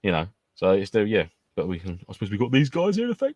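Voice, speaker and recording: A man's voice: on the low side, wildly swooping pitch, quick pace, a little mellow, no echo. A man co-hosting a casual podcast chat, bantering and laughing often. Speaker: podcast co-host.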